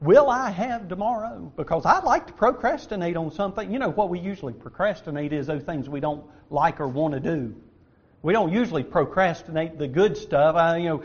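A man preaching a sermon, stressing key words loudly and dropping to quiet asides. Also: fairly high pitch, animated, brisk, husky, highs cut off. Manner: emphatic, swings between loud stress and quiet asides.

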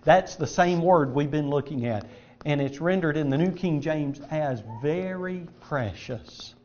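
A middle-aged man preaches an earnest, emphatic sermon and reads scripture aloud, varying his loudness and pace. His voice is on the high side at a measured pace. The lo-fi recording sounds dull, with a little hiss or hum.

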